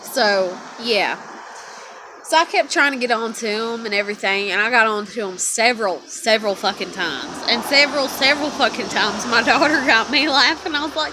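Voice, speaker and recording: A woman rambles on in a casual vlog, cursing nearly every line and breaking into laughter mid-sentence. Her voice sits a little high. Steady noise hums behind her. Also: normal speed. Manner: profane, swearing constantly, laughing as she talks. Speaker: vlogger. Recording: noisy background.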